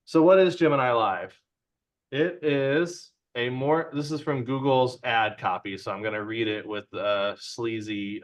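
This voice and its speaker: A man presenting a casual tech talk to a user group over a video call. He sounds relaxed and chatty and keeps checking in with his listeners. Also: on the low side. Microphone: video call from home.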